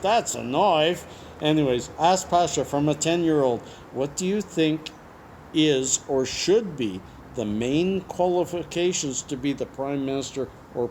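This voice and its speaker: A man's voice: mid-range voice, darkish tone, slight background noise. A man from Canada, hosting a casual interview and reading out viewer questions in a chatty, joking way with frequent asides. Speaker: YouTube host.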